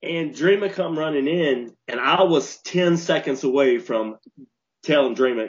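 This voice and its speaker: Animated man telling a story, lo-fi. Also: medium pitch, normal speed. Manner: animated storyteller, repeats and restarts when worked up. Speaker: podcast co-host. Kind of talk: casual storytelling chat. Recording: dull lo-fi podcast audio.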